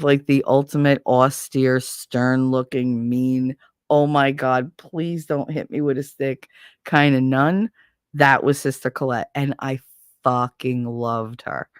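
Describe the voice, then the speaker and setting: A woman with an extremely low-pitched, clean-toned voice hosts a casual show, recorded with clean studio sound and no room noise. She's an animated, profane storyteller who rambles through her tales with lots of swearing and responds to a viewer's comment.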